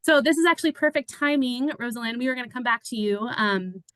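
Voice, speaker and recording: A woman's voice: a little high, quick pace, a bit bright, smooth, no room sound, rough recording. A woman who works as an executive assistant, running an online public meeting in a friendly way with many fillers. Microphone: video call.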